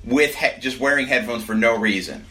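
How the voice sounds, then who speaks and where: A man from New York co-hosting a comedy podcast in casual chat, rapid-fire and lively with his jokes. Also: medium pitch.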